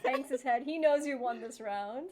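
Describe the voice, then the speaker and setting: A woman narrating a tabletop game as game master, giggly and animated. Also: high voice, normal speed, over music.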